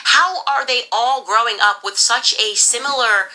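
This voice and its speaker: A woman's voice: fairly high pitch, unhurried, sharp tone, poor audio. A woman delivering an emphatic, insistent monologue as a podcast commentator. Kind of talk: opinionated monologue.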